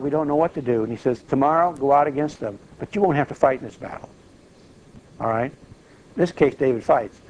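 Older male preacher, a bit high-pitched, folksy and emphatic storyteller, faint background hiss. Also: a little mellow, poor audio. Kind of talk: sermon.

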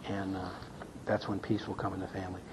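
A man's voice: low voice, monotone, quick pace, a little hiss or hum. An older man leading a church Bible class in a folksy, earnest way, often checking in with "see?" and "okay?". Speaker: Bible study teacher. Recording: muffled lo-fi recording.

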